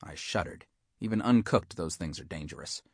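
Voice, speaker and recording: A man's voice: sits low, animated, moderate pace, dry recording, studio quality. Wisecracking hard-boiled storybook narrator, man. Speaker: audiobook narrator. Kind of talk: scripted first-person story narration.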